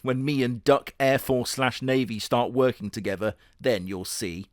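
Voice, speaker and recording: A cocky cartoon hedgehog hero talks big, as a man voices him, brash and offhand. The voice stays close to an everyday male pitch. The sound is dry and close. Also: fairly even intonation, normal speed, dry recording, natural voice.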